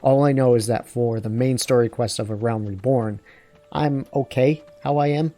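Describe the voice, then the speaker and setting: A man's voice: medium pitch, normal speed, dark tone. A man hosting a let's play, talking through his game in a rambling, digressive, self-deprecating way. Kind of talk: casual gameplay commentary.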